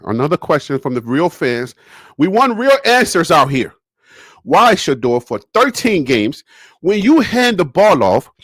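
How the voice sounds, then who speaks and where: A man from Liberia gives animated, theatrical sports commentary in a high voice that swoops constantly. He acts out the plays as he talks. The sound is close and dry, with no room echo. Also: measured pace.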